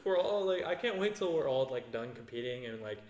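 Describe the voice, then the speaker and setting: A man hosting a casual podcast, rambling and excitable, full of fillers. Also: medium pitch, a little fast, roomy sound. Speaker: podcast host. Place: gym.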